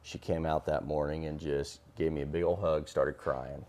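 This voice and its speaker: Low, dark-voiced man telling stories. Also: fairly even intonation, moderate pace. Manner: earnest storyteller with many fillers and restarts. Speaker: guest, hardscaper and water feature builder. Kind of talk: casual podcast conversation.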